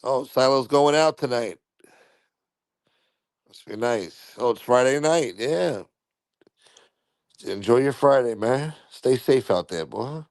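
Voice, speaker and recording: A man's voice: mid-range voice, takes it slowly, long pauses, darkish tone, dry recording. A man hosting a casual live stream, answering viewer comments in a profane, rambling, blunt way.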